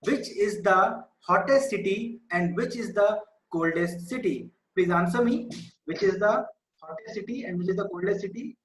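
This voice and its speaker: A man teaches a maths class online in a high-pitched voice. He talks patiently, repeating the key numbers as he explains. The room around him sounds echoey. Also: normal speed, fairly bright tone.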